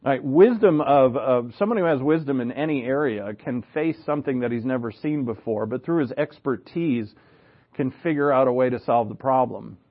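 A man delivers a sermon in an earnest, conversational manner, tossing in asides and rhetorical questions. His voice sits at a middling pitch for a man. The recording is slightly muffled and lo-fi. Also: moderate pace. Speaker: pastor.

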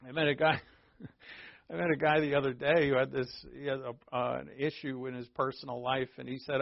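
A man preaching a conversational sermon, animated, chuckling often and acting out little back-and-forth dialogues. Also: mid-range voice, normal speed, vocal fry, no room sound. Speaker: pastor. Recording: dull, slightly lo-fi dry recording.

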